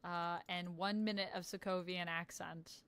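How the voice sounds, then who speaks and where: A woman's voice: on the low side, steady tone, unhurried, fairly bright tone, clean tone. A woman in her thirties chatting casually on a livestream, upbeat and reading out viewer messages. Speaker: streamer.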